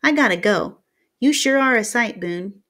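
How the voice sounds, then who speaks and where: A woman's voice: on the high side, animated, moderate pace, fairly bright tone. A woman voicing a cocky, self-assured teenage boy from a small town, brash, teasing and slangy.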